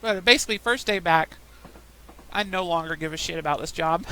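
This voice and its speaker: A young woman chats casually while gaming, drifting from anecdote to anecdote and laughing often. Her voice is bright and forward. She talks loosely, with restarts and asides. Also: lowish voice, a little fast, clear, resonant tone, rough recording. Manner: rambling storytelling, frequent laughs. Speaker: gaming podcaster. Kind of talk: casual chat while playing a game.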